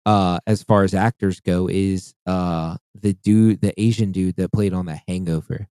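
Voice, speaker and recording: Man, podcast co-host, lowish voice, profane and self-deprecating, dry mic. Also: steady tone, unhurried, warm tone, clear, resonant tone, no room sound. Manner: blunt, swearing, self-mocking. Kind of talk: casual podcast chat.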